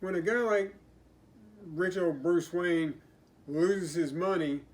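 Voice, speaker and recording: An older man co-hosting a podcast, giving measured, opinionated takes on comic books. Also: high voice, darkish tone. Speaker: podcast co-host. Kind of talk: casual comic book review chat.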